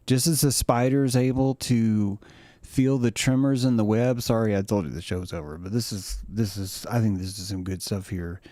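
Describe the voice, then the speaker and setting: A man's voice: medium pitch, a little mellow, dry recording, clean studio sound. A man hosting a show, giving a rambling comedic monologue in a profane way and breaking into laughter at his own jokes. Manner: rambling, profane, keeps cracking himself up. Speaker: host.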